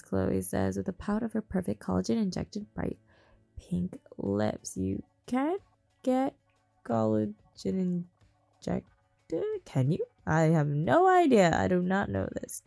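A woman reads a trashy romance in a flat, deliberate monotone, her voice full of gravelly vocal fry. She keeps stepping out of the story for quick joking asides. A phone mic picks her up, with faint music underneath. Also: mid-range voice. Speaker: reader of romance novels. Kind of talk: deadpan comedic reading.

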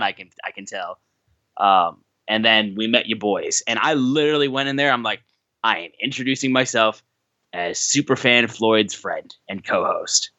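A young man co-hosting a podcast, telling stories in a casual, animated way and acting out what others said. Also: fairly low pitch, no room sound, muffled recording. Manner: animated, acts out quoted voices, swears casually. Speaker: podcast co-host.

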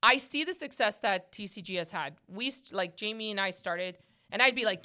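Bright, animated woman hosting. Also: mid-range voice. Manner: animated, talks fast with quick quoted asides. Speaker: podcast host. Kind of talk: casual chat.

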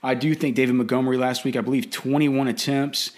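A man's voice: medium pitch, steady tone, brisk. A man giving casual fantasy football and betting commentary in a blunt, opinionated way, often restarting and repeating words.

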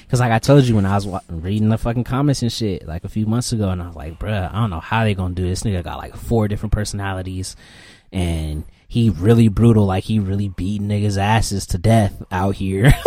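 A young man co-hosting a podcast in casual chat, relaxed and profane as he recounts reactions. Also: on the low side, fairly quick, dry recording. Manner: relaxed, profane, laid-back storytelling. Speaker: podcast co-host.

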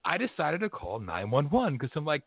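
A man's voice: fairly high pitch, wildly swooping pitch, fairly quick, breathy edge, no room sound. A man hosting a casual conversation, telling a story bluntly with plenty of profanity and getting more worked up as he goes. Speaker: host. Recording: tinny phone-line audio.

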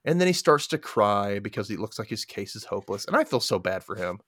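A man hosting a podcast, recapping a movie plot in casual chat as an animated storyteller with sarcastic asides. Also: on the low side, fairly quick. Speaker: podcast host.

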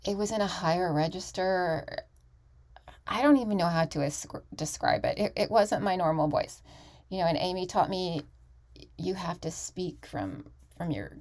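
A woman's voice: lowish voice, expressive, moderate pace, a little mellow. A woman hosting her own podcast and talking through a casual solo monologue in a candid, emphatic way, often restarting her sentences. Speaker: podcast host.

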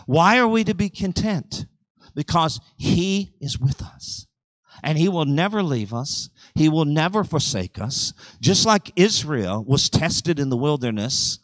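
A male pastor delivering a sermon, swinging between loud, driving surges and quiet, conversational asides. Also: a little high, no echo, low-quality recording. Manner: animated preaching with sudden surges and drops in volume.

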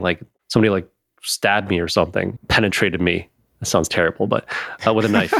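A man hosting a podcast in casual chat, animated, laughing often and swearing freely. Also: fairly low pitch, creaky, no room sound, studio quality.

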